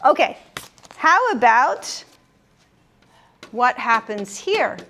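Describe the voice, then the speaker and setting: A woman leading a group word game class, upbeat and encouraging, slowing down to stress syllables. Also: on the high side, big pitch swings, a bit bright, slight background noise. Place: room with a live group.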